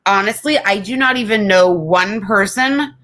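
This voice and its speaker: A woman co-hosts a podcast with a medium-pitched, slightly bright voice at a normal speed. She chats casually, blunt and opinionated, and swears freely.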